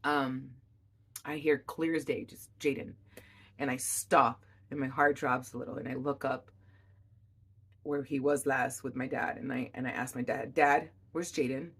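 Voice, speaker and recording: A young woman, a mother, telling a personal story in an emotional, halting way with many restarts. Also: extremely low pitch, flat delivery, fairly bright tone, slightly rough. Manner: emotional, reliving events.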